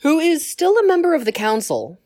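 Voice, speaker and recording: A woman casually retelling a story with wry, quick asides. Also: high voice, wildly swooping pitch, darkish tone, dry recording, studio quality.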